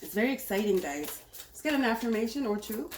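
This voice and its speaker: An upbeat, enthusiastic woman gives a casual tarot reading to camera at home, repeating herself in a high-leaning, sing-song voice that's a little fast. Something is cooking on a stove nearby, and the echoey room carries faint noise.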